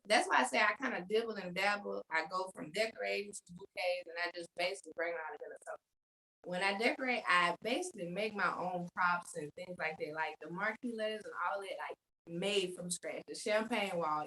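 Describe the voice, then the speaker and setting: A woman's voice: medium pitch, brisk, fairly bright tone, poor audio. A woman answering interview questions as a business owner on a video call, polite and friendly. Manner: polite, friendly, says yes ma'am.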